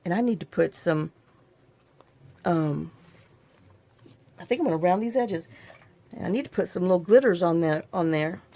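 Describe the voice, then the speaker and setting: A middle-aged woman with a low, dark voice hosts a crafting channel, speaking at normal speed but with long pauses. She rambles to herself as she works through a casual tutorial.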